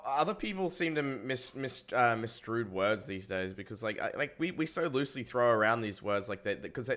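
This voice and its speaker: Bright-voiced stammering man on a call. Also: on the low side. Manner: stammering, then loud and jokey. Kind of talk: casual podcast chat. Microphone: call-in mic on a group voice call.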